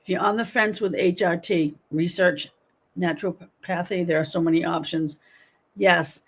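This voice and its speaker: A woman's voice: lowish voice, normal speed. Chatty middle-aged woman hosting a livestream. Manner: chatty, animated, reads viewer comments aloud. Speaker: livestream host. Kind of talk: casual livestream chat reading comments.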